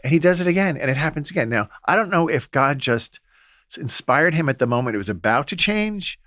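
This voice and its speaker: A man, a Catholic priest, telling stories in a relaxed podcast conversation and acting out the voices he quotes. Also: fairly high pitch, brisk, dry recording, studio quality. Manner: storytelling, acts out quoted voices. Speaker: Catholic priest and exorcist guest.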